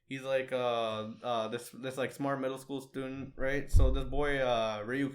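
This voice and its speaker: A young man on a casual podcast retells a story in a loose, rambling way. He stumbles through fillers and restarts and slips into quoted lines for the characters. His voice sits at an ordinary middle pitch. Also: steady tone, normal speed, hardly any pauses. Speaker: podcast co-host. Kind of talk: casual chat, retelling an anime plot.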